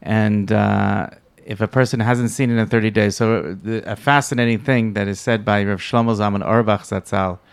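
Smooth-voiced man musing aloud. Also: fairly low pitch, fairly even intonation, moderate pace, dry recording. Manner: thoughtful, hesitant, many restarts. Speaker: interviewer. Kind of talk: conversational interview.

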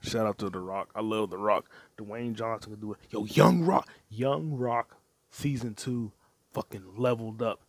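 Male solo podcaster, low and gravelly, loose profane stream-of-consciousness delivery. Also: normal speed, no room sound. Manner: crude, profane, jumps between topics; mutters to himself while browsing and watching. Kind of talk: rambling casual monologue.

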